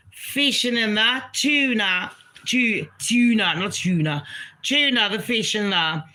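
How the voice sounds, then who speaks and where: A woman rants casually to her livestream chat, blunt and profane with a mocking edge. Her voice is bright and forceful, sitting at a middle pitch.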